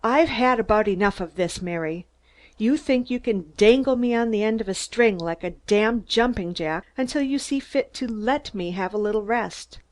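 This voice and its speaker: A woman voicing a hot-tempered male lawyer in love, raising her voice to a shout in an audiobook. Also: medium pitch, normal speed, lightly acted. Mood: angry shouting. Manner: raises voice to shouting.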